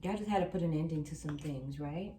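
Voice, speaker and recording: Low-pitched and mellow, a tarot reader speaks fairly quickly, repeating key lines to reassure her viewers with emphasis. The roomy recording from a distant mic carries a little hiss or hum.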